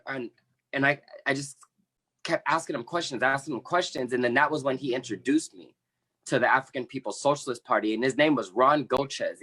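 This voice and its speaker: A man in his thirties who coordinates membership for an activist group shares his personal story on an online panel. He speaks earnestly and with passion, sometimes halting and restarting, in a mid-range, fairly bright voice.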